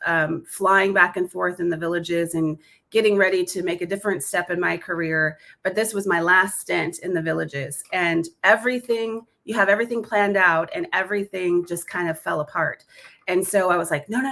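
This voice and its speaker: A woman guest on a podcast, telling a personal testimony in a lively, quick way and acting out the voices in her story. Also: fairly low pitch, gravelly. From Alaska.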